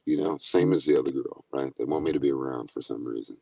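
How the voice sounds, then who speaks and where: Rambling, very deep-voiced man. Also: fast talker, vocal fry, mellow, slightly rough, far from the mic. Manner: rambling, profane, laughing often. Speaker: livestream chat guest. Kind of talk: casual chat. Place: in a car, then at a house.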